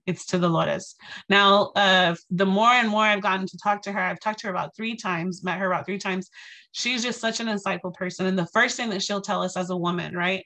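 A woman in her thirties giving a lecture as a guest speaker, telling a story in an animated, conversational way and tagging her points with "right?". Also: medium pitch.

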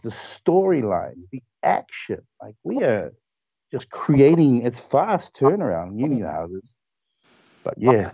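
A male actor chatting as a guest on a live stream, telling his stories in an animated, emphatic way. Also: medium pitch, gravelly, husky, no echo, dull audio. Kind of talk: casual interview chat.

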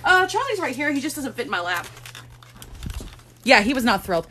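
A woman's voice: high-pitched, sing-song, brisk, long pauses, bright, forceful tone, a little hiss or hum. A woman hosting a casual live stream from a room at home, chatting to viewers and cooing baby talk to her cats.

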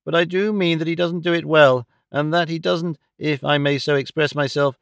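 A man reading an audiobook voices a proud, sharp-tongued young woman who talks in a lofty, affected way. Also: on the high side, gravelly, no echo, studio quality. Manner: lofty, affected, quick to snap.

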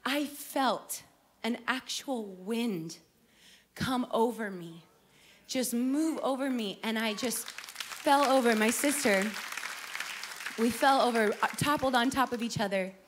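A woman's voice: on the high side, measured pace. A middle-aged woman, a singer, sharing her personal testimony as heartfelt storytelling, acting out her younger self.

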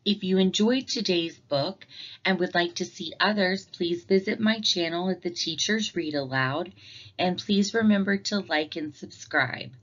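Slow, expressive woman reading a storybook. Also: lowish voice. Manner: slow, warm and expressive narration. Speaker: teacher reading aloud. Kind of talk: storybook read-aloud. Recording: dull lo-fi recording.

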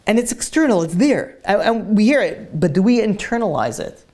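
A woman's voice: mid-range voice, very animated, normal speed, warm tone. A woman giving an earnest sermon-style talk, telling stories with many restarts and acting out the quotes. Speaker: speaker giving a Tisha B'Av talk. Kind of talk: sermon with storytelling.

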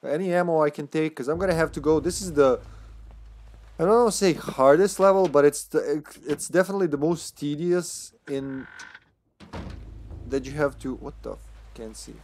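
A man's voice: a little high, moderate pace, darkish tone, slight background noise. A man with a Serbian accent, a native Serbian speaker, chatting casually and laughing often as he livestreams a game. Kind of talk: casual gameplay commentary.

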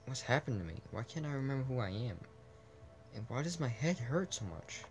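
A man's voice: medium pitch, big pitch swings, fairly quick, slight background noise. A man reading a text adventure game aloud in a casual let's play, often restarting words and adding asides.

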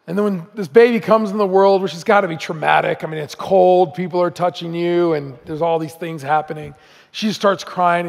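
A male guest preacher with a notably high voice delivers an earnest sermon that swells into emphatic peaks. The sound carries the long reverb of a church sanctuary. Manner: earnest, building to emphatic outbursts. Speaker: guest speaker.

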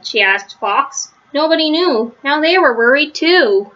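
Bright-voiced woman reading a children's story. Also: on the high side, lively intonation, measured pace, few pauses, dull audio. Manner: gentle, with small slips and restarts. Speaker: storybook reader. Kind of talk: children's story read aloud.

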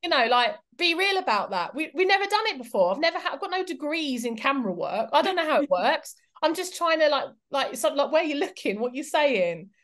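Candid, animated woman guest. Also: high-pitched, fairly quick, few pauses. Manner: candid, animated and self-mocking, with lots of fillers. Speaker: guest historian and documentary presenter. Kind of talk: casual interview chat.

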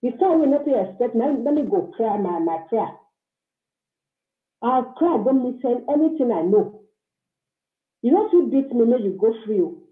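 A woman's voice: on the high side, lively intonation, moderate pace. A woman speaking Nigerian Pidgin English, calling in to rant angrily and hurl insults at someone. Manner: scolding, insulting, heated. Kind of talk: angry phone-in rant. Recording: tinny echoey phone line.

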